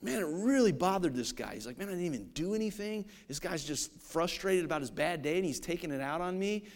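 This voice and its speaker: A man preaching a sermon, animated and storytelling, acting out the people in his stories. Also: high voice, fairly quick. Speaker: pastor.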